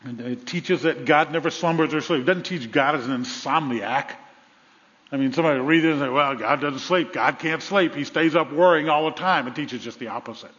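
A pastor with a Southern US accent preaching a sermon in a church, retelling a story with animated repetition. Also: male voice, fairly high pitch. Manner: animated storytelling with repeated phrases. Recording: echoey hall, dull lo-fi sound.

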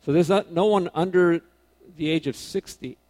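A man preaching a casual sermon to young people, animated, swinging between loud emphasis and quiet asides, often correcting himself. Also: on the high side, moderate pace. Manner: casual, self-correcting, informal phrasing.

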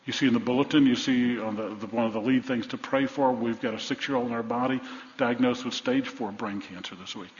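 A man's voice: medium pitch, steady tone, a little fast. A middle-aged man preaching a sermon, telling stories and repeating key lines for emphasis. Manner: storytelling, emphatic repetition. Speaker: pastor. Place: large church sanctuary. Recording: dull church recording with long reverb.

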